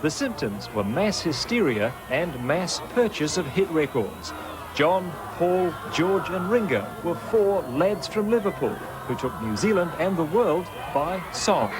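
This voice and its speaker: Lively high-pitched male news narrator. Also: measured pace, noisy background. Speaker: narrator, reporter. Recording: loud music bed under voice-over.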